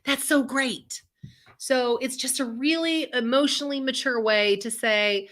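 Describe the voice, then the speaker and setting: A woman's voice: high-pitched, a little slow, a bit bright. A woman co-hosting a live online self-help show, talking in an upbeat, earnest, encouraging way over a video call. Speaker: co-host, empath coach.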